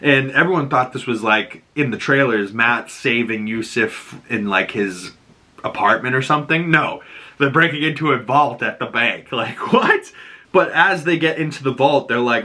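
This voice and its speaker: Male host, energetic recap, bright forward tone, quick to act out scenes. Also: on the low side. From Boston area. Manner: excited, animated, laughs often, acts out lines. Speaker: show breakdown host. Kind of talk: casual commentary.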